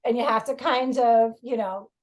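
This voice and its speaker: New york lady comic chatting casually on a podcast, kinda high pitched, lots of likes and laughs. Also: fairly even intonation, normal speed, darkish tone. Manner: chatty, frank, many fillers, laughs often. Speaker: comedian guest.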